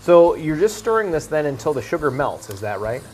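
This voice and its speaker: A woman's voice: sits low, very animated, fairly quick, a little mellow, a little hiss or hum. A woman hosting a casual TV interview in a studio kitchen, chatty and inquisitive, with frequent short acknowledgments. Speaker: TV host.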